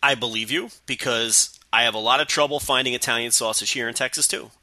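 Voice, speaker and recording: Podcast co-host, male, very bright tone, stammery, dry studio sound. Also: medium pitch, steady tone, fast talker, dry recording. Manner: stammers and repeats words. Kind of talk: casual chat.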